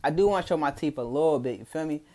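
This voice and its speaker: A man's voice: fairly high pitch, rapid-fire, mellow. A young man with a Philadelphia accent telling a casual, profane, slang-heavy story to his followers. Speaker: vlogger.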